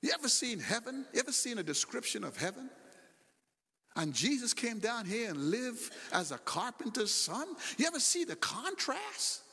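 A middle-aged man preaching from the pulpit in a high, bright voice that rises and falls with energy. He repeats his phrases and acts out little dialogues as he goes. The sound rings out with the long reverb of a church hall. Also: big pitch swings, normal speed, gravelly, husky. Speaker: pastor. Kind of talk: sermon. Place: church sanctuary.

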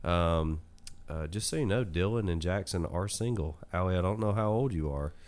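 A man's voice: deep voice, normal speed, a little mellow. Chatty young man hosting. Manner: chatty, laughs often. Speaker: podcast host. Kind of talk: casual chat.

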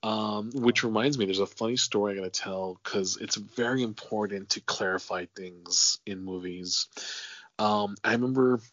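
A man's voice: fairly low pitch, moderate pace, fairly bright tone, dry recording, dull audio. A man hosting a casual interview, telling long rambling stories full of fillers and casual swearing. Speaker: podcast host.

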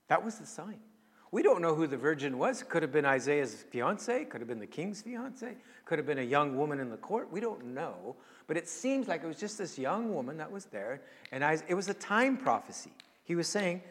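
A man's voice: a little high, sing-song, normal speed, slightly rough. A man preaching a sermon as a pastor, casual and conversational, rising into emphatic pleading bursts. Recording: long hall reverb.

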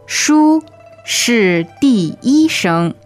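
A woman's voice: on the high side, sing-song, drawn-out words, faint music behind. A woman whose first language is Chinese, co-hosting a lesson podcast and giving careful model pronunciation. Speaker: podcast co-host.

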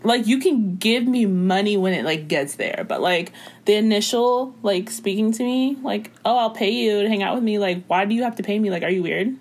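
A woman's voice: medium pitch, normal speed, a little hiss or hum. A woman in a casual chat who teases and laughs as she reacts.

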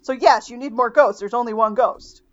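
A woman's voice: on the high side, moderate pace, a crowd in the background. A woman chatting on a podcast in a dry, teasing way. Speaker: podcast guest. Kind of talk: casual chat. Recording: slightly dull lo-fi mic.

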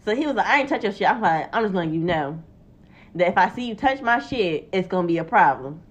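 A woman's voice: medium pitch, expressive, fast talker. A young woman telling a story in casual chat, acting out the quotes and swearing freely. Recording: dull lo-fi recording.

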